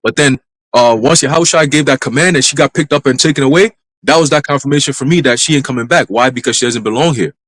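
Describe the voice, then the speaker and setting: A man in a live church stream telling a dream as testimony, in brisk street slang with some cursing. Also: mid-range voice, fairly bright tone, rough recording. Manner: brisk storytelling full of street slang and profanity. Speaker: church minister.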